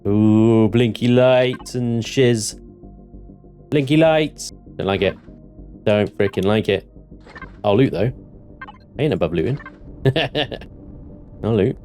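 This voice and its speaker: A man giving let's-play commentary on his game, thinking aloud and breaking into panicked yelling and joking curses. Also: lowish voice, slow pace, pauses often, soft background music. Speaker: gaming channel host.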